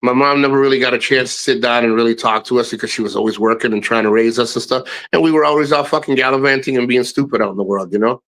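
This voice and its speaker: A middle-aged live streamer with a medium-pitched, fairly bright voice talks fast with few pauses, speaking casually and directly to his viewers. He rambles frankly, restarts often and swears freely.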